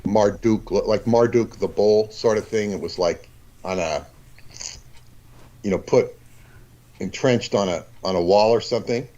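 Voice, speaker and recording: Deep-voiced rambling man in conversation. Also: dark tone, muffled recording. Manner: rambling, halting, many restarts. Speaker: guest. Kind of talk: casual conversation.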